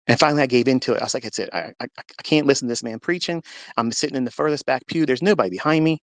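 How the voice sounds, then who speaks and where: Racing through his words in a dry recording, a mid-range-voiced trading mentor shares a religious personal testimony with an online audio-chat audience. He tells it earnestly, voicing what he once said as the story unfolds.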